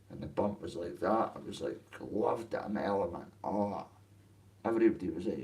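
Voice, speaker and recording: A man's voice: fairly low pitch, a little mellow. Give me a young Scottish man chatting emotionally on a stream, a little distant from the mic. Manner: emotional, swears freely, rambling. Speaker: streamer addressing viewers. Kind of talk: rambling livestream chat.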